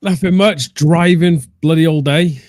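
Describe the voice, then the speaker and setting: A man's voice: a little high, a little slow, darkish tone, dry recording, studio quality. A man from Wales with a Welsh accent, chatting bluntly on a casual podcast. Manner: blunt, laconic. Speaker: podcast guest. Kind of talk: casual banter.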